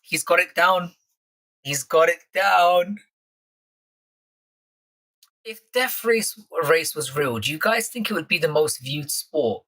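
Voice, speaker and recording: A young man from London talks off the cuff to his live chat, swearing freely and ribbing the regulars. His tone is bright and forward, with a casual, unscripted flow. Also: a little high, sing-song, normal speed, few pauses. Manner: crude, swearing, teasing chat readers. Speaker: live stream host.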